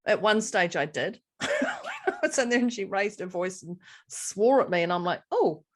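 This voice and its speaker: A middle-aged woman chats on a podcast as co-host, spinning everyday stories with easy laughs. Her pitch sits at a middling level for a woman. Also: wildly swooping pitch, normal speed. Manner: chatty storyteller, laughs often. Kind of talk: casual chat.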